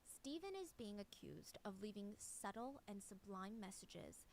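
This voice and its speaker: A woman's voice: mid-range voice, animated, a little slow, gravelly, slight background noise, rough recording. A woman narrating a true crime video in a chatty, conversational way, adding side notes.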